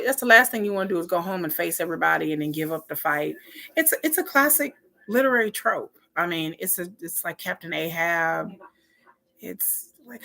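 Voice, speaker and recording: This watch party streamer has a lowish, creaky voice with a bright, forceful tone. Chatting casually on a livestream from indoors at home, she reacts and often performs other people's lines.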